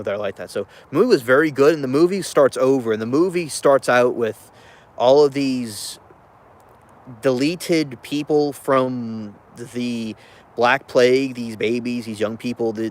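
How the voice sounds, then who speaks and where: Rambling male vlogger. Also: medium pitch. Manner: rambling, self-interrupting, chuckling asides. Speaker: vlogger reviewing a film. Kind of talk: casual rambling rant.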